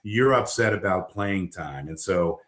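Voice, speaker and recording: Blunt rambling coach, bright voice. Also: male voice, low-pitched, lively intonation, a little slow, echoey room. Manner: blunt, rambling, lots of fillers and restarts. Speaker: basketball coach. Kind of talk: casual podcast chat.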